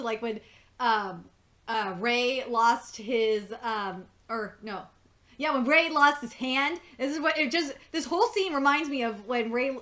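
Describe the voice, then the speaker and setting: A woman with a high, bright voice talks through a TV episode in a loose, chatty review. She is excitable, laughs often and swears freely. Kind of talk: casual spoken review.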